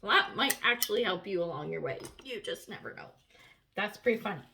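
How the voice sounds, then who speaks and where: A woman giving a casual tarot reading to camera, chatty and animated, swearing freely and laughing often. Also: mid-range voice, fairly quick, gravelly, slight background noise. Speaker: tarot reader.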